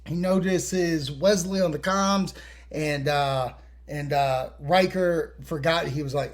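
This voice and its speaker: At normal speed and with a slightly high voice, a male podcast host runs through a TV episode. He's animated and swears freely, acting out the scenes in casual talk.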